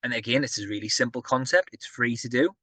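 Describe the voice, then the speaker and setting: A man giving an energetic, conversational business talk, often turning to the audience with questions. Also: mid-range voice, quick pace, no room sound. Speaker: property business speaker.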